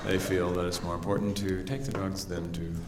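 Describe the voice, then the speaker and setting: A man's voice: low voice, flat delivery, brisk, echoey room, a loud crowd, very noisy. A man performing a live stand-up routine on a comedy club stage, rambling with fillers and working himself into mock anger. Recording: 1970s live vinyl album recording.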